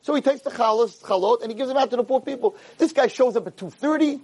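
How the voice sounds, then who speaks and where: A man telling a story in a lecture, animated and acting out the characters' voices. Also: extremely high pitch, fast talker, husky.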